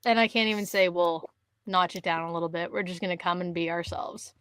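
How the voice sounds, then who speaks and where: Lively storytelling woman, dry close mic. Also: lowish voice, fairly quick, clean tone, dry recording. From Canada. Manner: animated storyteller, acts out quotes, laughs often. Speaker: podcast co-host. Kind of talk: casual chat.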